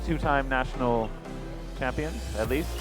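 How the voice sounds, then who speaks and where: A man's voice: medium pitch, normal speed, over music. A man giving live color commentary with dry, wry humor.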